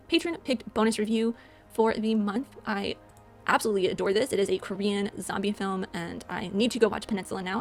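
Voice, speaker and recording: A woman speaking quickly in a rather high voice, hosting a casual movie recap. She rambles and corrects herself mid-sentence in a chatty way. Faint music plays under her voice-over. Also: creaky. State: out of breath. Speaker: movie channel host and podcaster. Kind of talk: casual monthly recap vlog. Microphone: voice-over, no camera.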